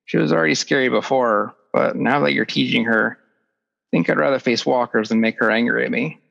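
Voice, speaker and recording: Nervous young guy read by a man: self-mocking, gravelly, lo-fi echoey sound. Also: medium pitch, a little fast, a bit bright. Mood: uneasy. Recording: echoey, dull lo-fi recording.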